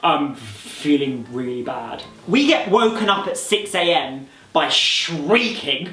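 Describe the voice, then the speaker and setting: A man's voice: a little high, a little slow, hardly any pauses. Laughing man telling a story. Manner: animated, laughs often, acts out what others said. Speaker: vlogger. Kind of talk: storytime anecdote. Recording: roomy echo with faint music.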